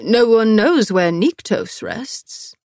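A woman voicing a polite man who calmly explains a place. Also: a little high, takes it slowly, no room sound, studio quality. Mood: courteous.

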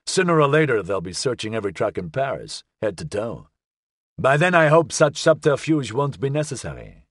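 A man's voice: mid-range voice, big pitch swings, normal speed, no room sound, studio quality. A man doing a weary, exasperated man. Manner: exasperated, wry.

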